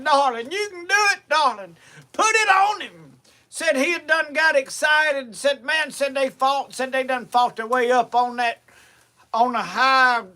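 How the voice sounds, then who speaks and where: High, bright-voiced drawling storyteller man. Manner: drawling, repeats "said" constantly, chuckling. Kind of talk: folksy tall-tale storytelling. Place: live show stage.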